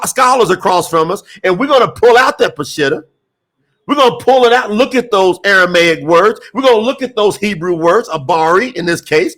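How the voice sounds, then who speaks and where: Fired-up high-voiced preacher man. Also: fairly bright tone. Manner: impassioned, emphatic, repeats phrases, addresses the congregation as y'all; reads scripture slowly, word by word. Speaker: preacher promoting a scripture translation. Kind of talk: fervent sermon with scripture reading.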